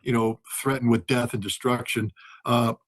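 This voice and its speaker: Husky-voiced man telling a long story. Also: medium pitch, normal speed. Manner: animated storyteller acting out quoted dialogue. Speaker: guest, former weapons inspector. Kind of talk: storytelling in a conversation.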